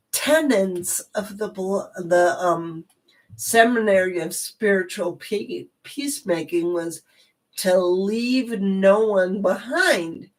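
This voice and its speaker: Slow-talking woman telling a personal story. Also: mid-range voice. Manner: chatty, rambling asides, animated retelling.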